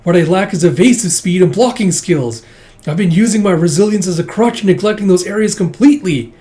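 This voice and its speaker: A man's voice: high-pitched, fairly quick, warm tone, voice pushed up, close to an everyday voice. A man voicing a hot-headed young male secret police officer who talks in a frantic, self-driven way, as he reads a comic aloud.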